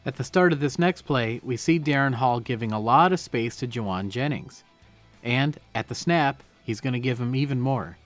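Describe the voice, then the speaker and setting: A man's voice: medium pitch, normal speed, faint music behind. A man breaking down football game film, explaining each play and stressing key words.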